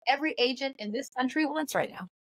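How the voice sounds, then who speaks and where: A woman's voice: sits high, expressive, fast, dry recording. A woman hosting an interview, mostly giving short encouraging reactions and questions. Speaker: podcast host. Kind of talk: casual interview.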